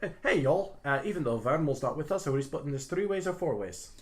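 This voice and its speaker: Animated man player at a tabletop game. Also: on the high side, quick pace. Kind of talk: casual chat at a tabletop game.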